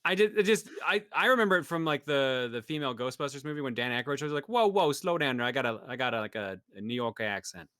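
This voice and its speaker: A man co-hosting a podcast, telling stories in animated, quick bursts. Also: medium pitch, clean tone, no echo, clean studio sound. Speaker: podcast co-host. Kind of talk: casual podcast chat.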